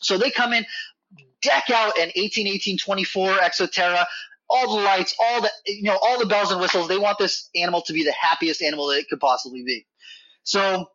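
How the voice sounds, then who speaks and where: On a dry, dull lo-fi recording, a podcast guest who works at a reptile facility rambles through a casual story, leaning on "like" and "you know." His voice is a little high with a sharp tone.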